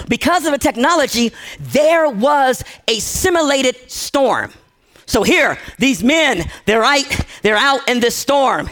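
Very high-pitched shouting male preacher. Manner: storytelling, with repeated phrases and shouted climaxes; acts out characters' quoted lines. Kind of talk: sermon.

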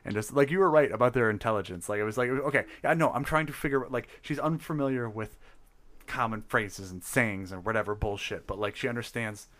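A man's voice: mid-range voice, fairly quick, fairly bright tone. Tipsy, rambling young man. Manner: rambling, laughs often, trails off. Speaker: podcast co-host. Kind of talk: casual chat.

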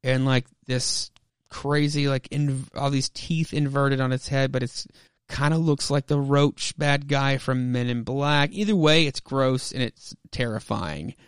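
A man's voice: mid-range voice, unhurried, clear, resonant tone, dry recording. Guy rambling through a comic recap, lots of "like", swears, dry close mic. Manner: rambling, many "like" fillers, swears. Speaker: podcast host. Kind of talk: casual comic book recap.

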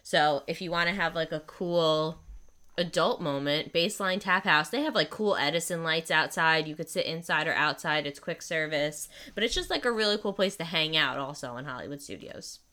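A woman's voice: deep voice, normal speed, pushed and bright. A young adult woman hosting a casual chat, talking with enthusiasm and lots of filler "like"s. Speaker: podcast host.

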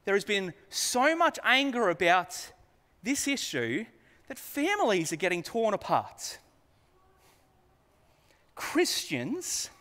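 High, lively male preacher in a reverberant hall. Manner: earnest, conversational preaching with rhetorical questions. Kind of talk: sermon.

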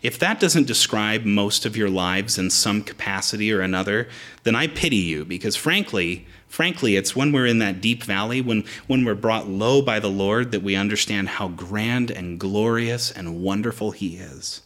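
A man's voice: fairly low pitch, normal speed, fairly bright tone. A man preaching a sermon, explaining the Greek words in the text as he teaches.

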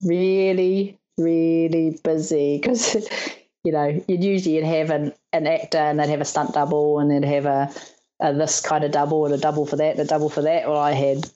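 A woman's voice: low voice, normal speed, muffled recording. A woman, a stunt performer in her thirties, telling stories in a casual interview and acting out the lines of people she quotes, laughing often. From New Zealand. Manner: animated, laughing, acts out quotes.

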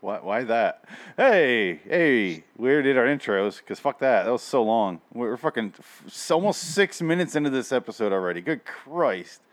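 A man co-hosting a casual podcast, chatting about a TV episode in a profane, sarcastic and animated way. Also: medium pitch, normal speed, few pauses. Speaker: podcast co-host. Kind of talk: casual chat reviewing a TV episode.

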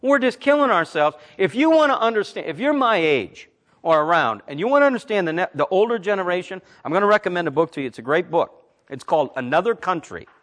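A man in his fifties, a Christian talk host, telling stories and preaching in a blunt, emphatic, animated way. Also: high-pitched, quick pace. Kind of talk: conversational preaching with storytelling.

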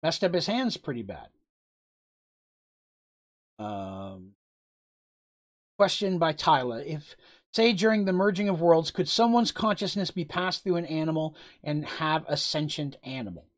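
A man's voice: fairly high pitch, sing-song, measured pace. A man running a tabletop game, rambling casually with lots of fillers and frequent laughs as he narrates and answers questions. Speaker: game master.

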